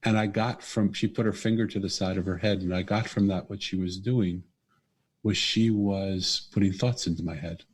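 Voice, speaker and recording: A middle-aged man, a podcast guest and author, telling a personal story in an earnest, animated way. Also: sits low, moderate pace, slightly rough. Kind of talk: conversational storytelling.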